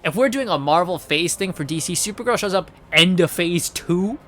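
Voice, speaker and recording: A man giving a casual spoken movie review, rambling and swearing freely, with animated outbursts. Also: sits high, moderate pace. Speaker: film reviewer.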